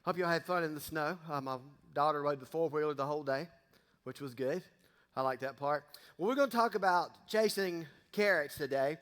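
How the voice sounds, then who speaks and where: This middle-aged pastor's voice is a little high, brisk and somewhat bright as he delivers a folksy, casual sermon and jokes with the congregation. The church sanctuary gives a long reverb.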